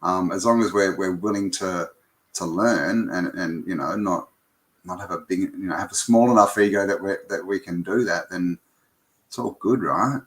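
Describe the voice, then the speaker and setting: A man's voice: low-pitched, moderate pace. Chatty man hosting a livestream. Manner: chatty, rambling, many ums and restarts. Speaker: live stream host. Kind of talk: casual live-stream chat greeting viewers.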